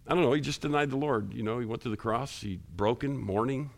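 Gravelly-voiced man preaching a sermon. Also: a little fast, few pauses. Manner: animated preaching, rising loud and high when stressing points; talks to the congregation with questions. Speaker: pastor.

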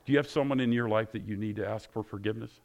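A male pastor preaching with passion, closing his sermon in prayer and getting louder and higher when excited. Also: rapid-fire. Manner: passionate, rising loud and high when excited.

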